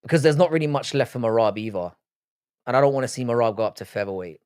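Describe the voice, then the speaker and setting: A man's voice: mid-range voice, expressive, quick pace, darkish tone, clear, resonant tone, no room sound, clean studio sound. A man with an English accent, raised in Britain with Irish roots, hosting a casual livestream, blunt and sweary as he reads out and answers comments. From Ireland, raised in Britain. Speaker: livestream host.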